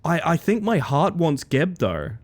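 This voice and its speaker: A man live-streaming, chatting with his viewers in a playful, excitable way. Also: a little high, a little slow. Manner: playful, excitable, talks to chat. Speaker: livestreamer. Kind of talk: casual live-stream chat.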